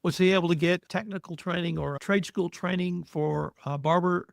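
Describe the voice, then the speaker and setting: A man hosting a podcast, asking questions in a measured, curious way. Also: high-pitched, fairly even intonation, creaky, no room sound, clean studio sound. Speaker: podcast host. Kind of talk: interview questions.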